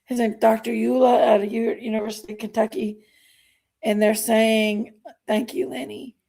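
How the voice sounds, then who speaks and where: A middle-aged woman, chatting on her livestream in a halting, emotional way, sighing between phrases. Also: on the high side, flat delivery, creaky, dark tone. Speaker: livestream host. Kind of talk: casual livestream chat.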